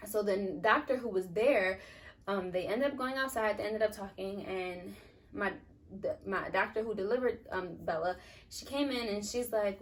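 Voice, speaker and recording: Speaking briskly at a medium pitch, this young vlogger rambles casually through a personal story, peppering it with plenty of "like"s and "um"s. The mic picks her up from a little way off.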